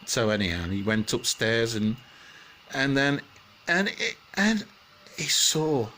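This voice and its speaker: A man telling a rambling comic bedtime story, full of halting restarts. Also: mid-range voice, big pitch swings, sharp tone, a little hiss or hum.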